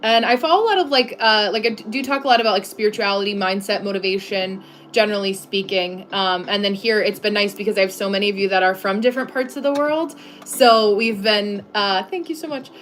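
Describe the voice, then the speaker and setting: A woman's voice: medium pitch, a little fast, hardly any pauses, a bit bright, a little hiss or hum. A woman from the United States hosting a casual live stream from her home desk, chatting loosely with viewers, full of "like" fillers and frequent laughs. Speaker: livestream host.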